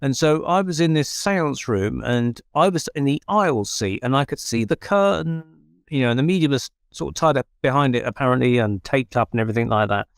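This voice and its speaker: A man, a paranormal researcher, telling an animated anecdote in casual conversation, with many restarts. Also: medium pitch, fairly quick, vocal fry, no room sound, clean studio sound. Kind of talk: conversational storytelling.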